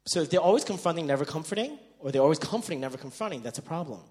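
A man preaching a sermon as pastor, telling stories in an animated way and acting out the dialogue, swinging between loud bursts and quiet stretches. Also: fairly high pitch, rapid-fire. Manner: animated storytelling, acting out quoted dialogue with big swings in loudness.

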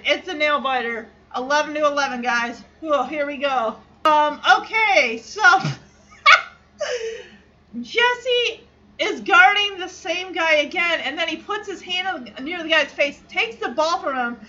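A woman's voice: high-pitched, pushed and bright, highs cut off. A woman hosting a podcast, recapping a sitcom episode in a chatty way, full of "like" and quoted lines she acts out. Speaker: podcast host.

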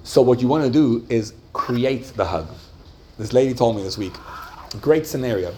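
Animated male teacher quizzing his class. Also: medium pitch, normal speed, slight background noise. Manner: animated storytelling, rising excitedly and dropping softly. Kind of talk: lively lecture with questions to the audience.

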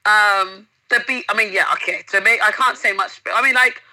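A woman's voice: medium pitch, brisk, pushed and bright, no echo, rough recording. A woman in casual interview chat, telling stories enthusiastically and vividly as a guest. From England.

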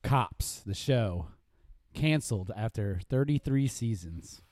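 A man's voice: lowish voice, expressive, takes it slowly, a little mellow, dry recording, clean studio sound. A young man co-hosting a podcast, laid-back, swearing often and laughing at his own jokes. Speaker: podcast co-host. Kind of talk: casual chat.

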